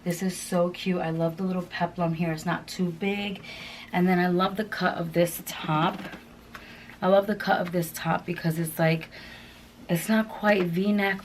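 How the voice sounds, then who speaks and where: A woman's voice: on the low side, a little hiss or hum, poor audio. A woman chatting through a clothing try-on haul, gushing and chatty with lots of fillers. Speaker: fashion vlogger.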